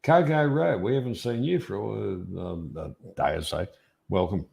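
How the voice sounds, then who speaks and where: A man's voice: on the low side, lively intonation, normal speed, gravelly, darkish tone, breathy edge. An Australian man chatting on a livestream, crude and blunt, laid-back banter. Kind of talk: casual drunk banter.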